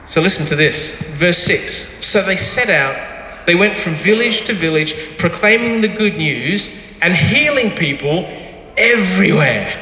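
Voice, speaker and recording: A man preaching a sermon, telling Bible stories with animated acted-out quotes. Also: high-pitched, unhurried, reverberant, long reverb tail, a little hiss or hum, rough recording. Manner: animated storytelling, acting out quotes. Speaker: pastor.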